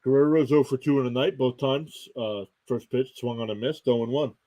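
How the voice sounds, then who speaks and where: A man's voice: mid-range voice, steady tone, a little fast, warm tone. A young man hosting a live stream, calling baseball play-by-play, reading out scores and thanking viewers. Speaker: live stream sports commentator. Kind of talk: live play-by-play reaction commentary.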